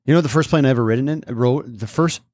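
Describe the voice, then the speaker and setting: A man's voice: mid-range voice, quick pace, a little mellow, no echo, studio quality. A man in his thirties from the upper Midwest, co-hosting a casual chat and telling meandering stories with lots of restarts. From upper Midwest, USA. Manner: rambling, self-interrupting storyteller. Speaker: podcast co-host.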